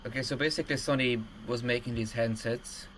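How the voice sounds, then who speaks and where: A man's voice: mid-range voice, steady tone, brisk, fairly bright tone, slight background noise, rough recording. A man co-hosting a casual livestream chat, explaining things at length with lots of fillers and restarts.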